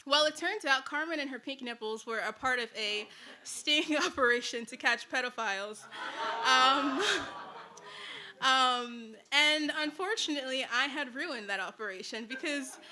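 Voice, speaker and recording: A woman's voice: high voice, measured pace, pushed and bright. A young woman telling a personal story to an audience in a casual, chatty way, full of "like"s and laughing at her own jokes.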